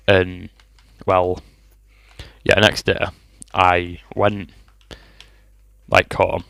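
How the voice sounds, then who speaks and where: A man's voice: deep voice, monotone, takes it slowly, gravelly, pauses often, sharp tone, no room sound. A man, telling a rambling, sweary storytime to his vlog audience while fighting a cough. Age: 20s. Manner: rambling, swears often, lots of fillers. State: has a cough. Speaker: vlogger.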